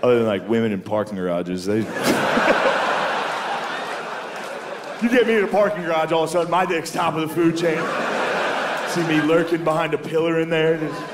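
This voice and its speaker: A man doing a stand-up comedy set, profane and self-mocking, jumping into high voices when he quotes people. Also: moderate pace, long pauses, very noisy. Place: comedy club stage with a live audience. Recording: roomy club with loud crowd laughter.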